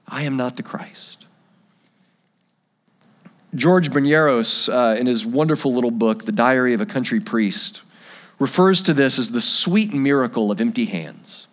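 A man preaching a sermon in an earnest, reflective way, letting key lines fall soft and quiet. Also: mid-range voice. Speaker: pastor.

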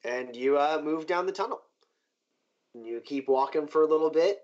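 Man running a tabletop game, slightly high voice, dull lo-fi sound, loose filler-heavy narration. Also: normal speed, a little mellow. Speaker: game master. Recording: dull lo-fi recording.

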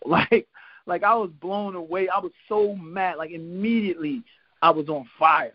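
High-voiced man telling stories. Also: normal speed, slightly rough, dry recording. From Philadelphia, USA. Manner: animated storyteller, laughs often, acts out quotes. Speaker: podcast guest, retired boxer. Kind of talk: casual storytelling interview. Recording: dull lo-fi podcast audio.

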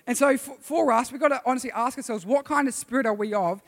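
A man's voice: very high-pitched, quick pace, creaky, few pauses. Man preaching in a reverberant hall. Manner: casual, energetic, calls on listeners to respond. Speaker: youth pastor. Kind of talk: sermon.

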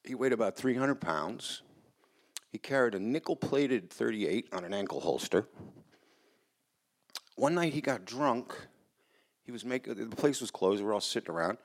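A man's voice: on the low side, lively intonation, normal speed, long pauses. A man telling a personal story live on stage in a casual, rambling way, swearing and restarting his sentences. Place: small hall in front of a live audience.

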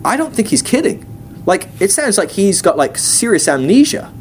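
A man's voice: high voice, big pitch swings, moderate pace, slight background noise. A man teaching a casual, joking sermon at a ministry school, acting out the voices of people he quotes.

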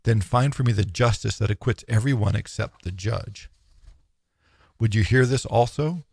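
A man reading a philosophical text aloud in a measured, solemn, declaiming way, close to the mic. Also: lowish voice, gravelly, darkish tone, no room sound. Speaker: narrator.

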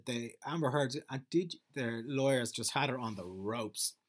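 A man's voice: medium pitch, a little slow. A man delivering a profane, rambling comedic monologue as a podcast host.

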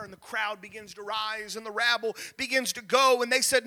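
A man preaching a sermon, retelling a story with animated delivery and acting out the characters' lines. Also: very high voice, brisk. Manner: animated, acts out the characters' lines, repeats words.

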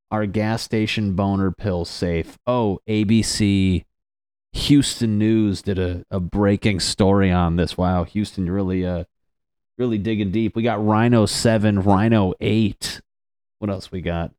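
A man's voice: fairly low pitch, darkish tone, clear, resonant tone, no room sound, studio quality. A man doing a casual, crude comedic monologue as a podcast host, rambling and laughing at his own jokes.

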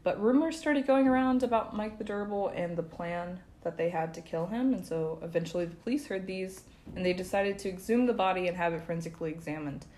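A woman's voice: lowish voice, quick pace, a little mellow, a little hiss or hum. A young woman casually retelling a true-crime case as a podcast co-host, peppering her talk with "um" and "like". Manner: chatty, many fillers like "um" and "like".

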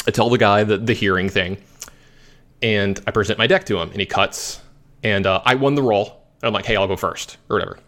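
A man casually telling a long story as a podcast host, animated and rambling, with lots of fillers. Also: lowish voice, a little fast. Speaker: competitive card game player.

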